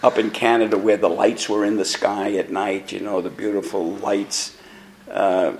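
Blunt gravelly old preacher, 80s. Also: male voice, fairly low pitch, little pitch movement, moderate pace, a little hiss or hum. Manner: rambling, blunt, repeats words as he restarts. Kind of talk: anecdotal talk to a live audience.

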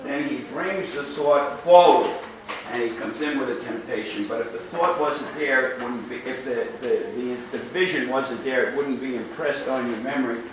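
A man's voice: medium pitch, moderate pace. An older man from New York City with a New York accent, a priest giving an earnest, informal talk to young people and repeating words as he goes. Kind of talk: informal talk to a youth group. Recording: echoey room from far off with background noise.

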